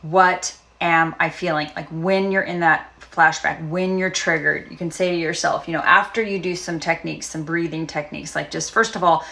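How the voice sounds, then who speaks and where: A woman speaking as a trauma recovery coach, talking casually and gently with frequent fillers and pauses. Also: low-pitched, fairly even intonation, gravelly. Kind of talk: casual self-help talk.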